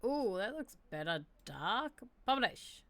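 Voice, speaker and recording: A woman's voice: mid-range voice, big pitch swings, slow, a bit bright. A middle-aged woman, livestreaming as a writer, chatting casually and reading her own piece aloud. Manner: chatty, talks to herself while setting up the stream.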